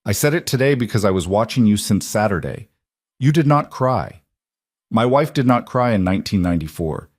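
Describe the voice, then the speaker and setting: A man voices an older Russian chauffeur with a heavy accent, speaking in short, formal, measured sentences. The voice sits low and close, with no room sound around it. This is a quiet storybook figure. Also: animated, no room sound. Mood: grave. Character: stoic older Russian male driver.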